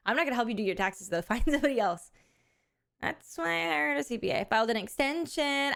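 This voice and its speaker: A woman live streamer talking with her chat in a relaxed, unscripted way. Her voice sits a little on the high side, and she is animated and candid, laughing often and swearing without a second thought. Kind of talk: casual chat with viewers.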